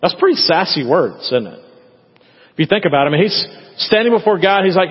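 Husky preacher in an echoey church. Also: male voice, high-pitched, sing-song, moderate pace. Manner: conversational, acts out prayers in quoted voices. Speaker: pastor. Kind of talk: sermon. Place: church sanctuary. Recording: echoey hall, dull lo-fi sound.

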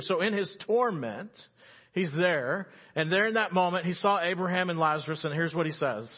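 Guy preaching a sermon, husky breathy voice, kinda high, gets loud then quiet, muffled recording. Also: moderate pace. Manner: animated, swings between loud emphasis and hushed earnestness. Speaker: pastor.

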